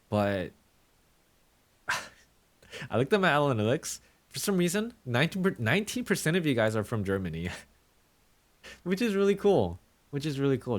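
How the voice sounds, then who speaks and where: A male streamer chatting casually with his viewers, playful and teasing in mock-villain banter. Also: medium pitch.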